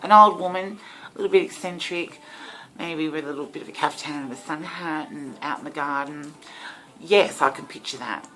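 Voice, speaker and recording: Low-voiced Australian woman vlogging candidly. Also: normal speed, sharp tone, poor audio. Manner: candid and chatty, laughs easily. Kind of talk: casual personal vlog. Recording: clear background music. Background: music.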